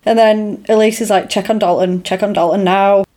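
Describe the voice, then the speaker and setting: A woman chatting casually, retelling events with lively acted-out lines and laughs. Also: medium pitch, normal speed. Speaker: podcast co-host recapping a film. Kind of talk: casual chat.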